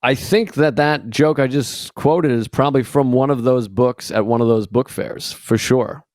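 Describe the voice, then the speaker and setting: A man, a comedian guest on a podcast, chatting casually and telling jokes in a dry, deadpan way. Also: mid-range voice, normal speed, no echo. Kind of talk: casual chat.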